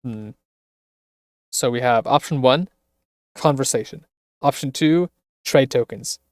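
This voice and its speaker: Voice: medium pitch, slow pace, darkish tone, no echo. A streamer on a close microphone reading a visual novel aloud, with wry asides.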